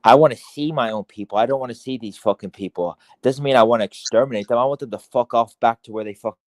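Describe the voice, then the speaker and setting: An Irish man talking as a podcast guest in casual chat, rambling with heavy swearing, halting restarts and fillers. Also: mid-range voice, dry recording.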